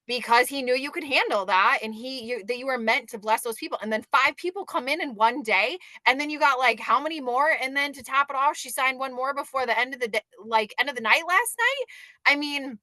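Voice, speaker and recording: Brief: upbeat woman host, bright and forceful, cheerleading on a dry call. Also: fairly high pitch, no room sound. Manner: warm, emphatic, cheerleading. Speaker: host and team leader. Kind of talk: encouraging video call talk.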